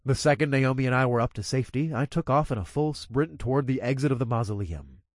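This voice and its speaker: A man's voice: mid-range voice, quick pace, dry recording, studio quality. A man reading a first-person action story aloud in a casual, profane manner. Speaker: narrator.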